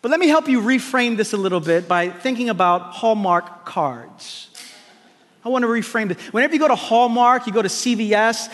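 A man preaching a sermon to a congregation, emphatic and repetitive, with quick asides to the crowd. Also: very high-pitched, lively intonation, fairly bright tone, in a large hall. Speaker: pastor. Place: large church hall with congregation.

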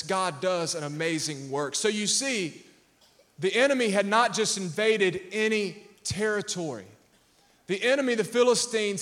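High-voiced energetic man preaching. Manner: energetic preaching with crowd call-outs and humor. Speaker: pastor. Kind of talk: sermon.

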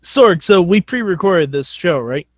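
A man's voice: high voice, animated, a little slow, no room sound. A man co-hosting a casual wrestling chat show, sardonic and joking. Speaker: podcast co-host.

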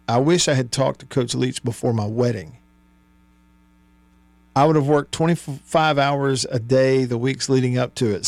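Male radio sports host, mid-pitched, reads listener comments with frequent chuckles, dry studio sound, faint hum. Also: dry recording. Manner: reads listener texts aloud, chuckling often. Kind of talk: casual call-in radio chat. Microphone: studio microphone.

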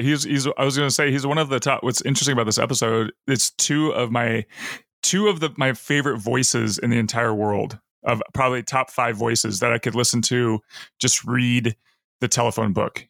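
Man, gravelly voice, dry recording, casual podcast chat, playful, restarts a lot. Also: mid-range voice, fairly bright tone, no room sound. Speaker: podcast co-host.

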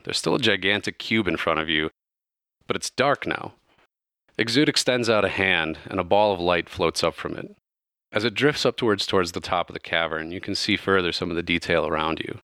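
A man's voice: low voice, sharp tone, clear, resonant tone, no echo. A man narrating a tabletop game as game master in a casual, loose way, with plenty of fillers.

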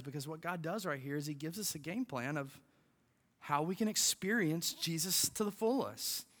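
A man's voice: fairly high pitch, fairly bright tone. A man pastor preaching a sermon, emphatic and asking the congregation rhetorical questions.

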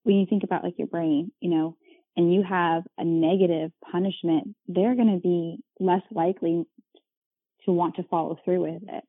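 A woman's voice: lowish voice, normal speed, husky, dry recording. A woman, a mother of young children, chatting as a podcast guest and acting out her kids' voices in examples. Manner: lively, acts out children's voices when telling examples. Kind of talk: casual chat. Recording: tinny phone-line sound.

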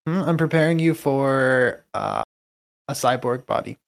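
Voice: mid-range voice, measured pace, gravelly. A player in a tabletop role-playing game who talks in a playful, hesitant, rambling way.

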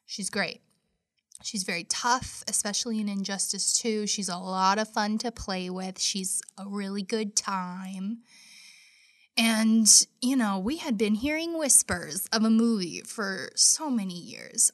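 A woman in her thirties presenting a casual podcast segment, chatty and enthusiastic with bursts of excitement. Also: a little high, a little slow, no room sound, studio quality. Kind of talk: casual monologue.

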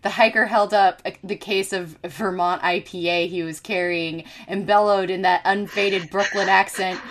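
A woman's voice: fairly low pitch, fairly even intonation, moderate pace, fairly bright tone. A woman podcast host reading an article aloud in a casual way, with many ums and self-corrections.

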